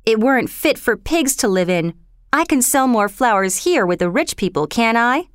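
A poor young flower girl with a thick Cockney accent, put on by a woman narrating a storybook, pitched high and swinging wide. She talks loud and aggrieved, clipping her word endings, in a crisp voice. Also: big pitch swings, normal speed, no room sound, studio quality. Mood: cheeky. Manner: loud, complaining, dropped g's.

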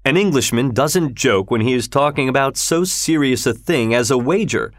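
Unflappable Victorian gentleman, low measured delivery, male narrator. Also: lively intonation, dry recording, clean studio sound, natural voice. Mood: composed. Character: calm, precise Victorian English gentleman.

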